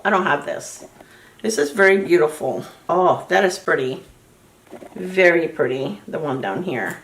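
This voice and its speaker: A woman's voice: medium pitch, fairly bright tone. Gushing woman in her sixties, roomy echo. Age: 60s. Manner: gushing, enthusiastic, chatty. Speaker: beauty vlogger. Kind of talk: casual product unboxing chat. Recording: roomy echo, distant mic, faint noise.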